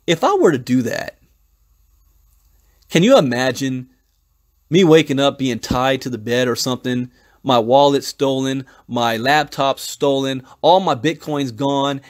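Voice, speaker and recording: Rambling man thinking aloud. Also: mid-range voice. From United States. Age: 40s. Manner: rambling and thinking out loud, with frequent restarts and chuckles. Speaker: crypto channel host. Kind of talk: casual commentary, reading an article aloud and breaking off to tell stories.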